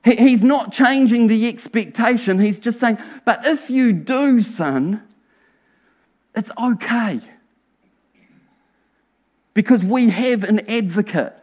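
Slow, earnest male pastor preaching. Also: very high-pitched. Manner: earnest, drops to a hushed near-whisper for emphasis; slow, emphatic preaching with rhetorical questions. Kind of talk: sermon.

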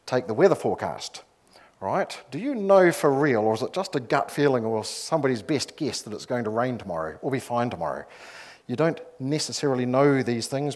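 A man's voice: mid-range voice, darkish tone. A man delivering a sermon in a church, speaking plainly and conversationally. He builds his points with repeated phrases and drops into storytelling with ease. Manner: conversational, with storytelling asides and emphatic repetition. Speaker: preacher.

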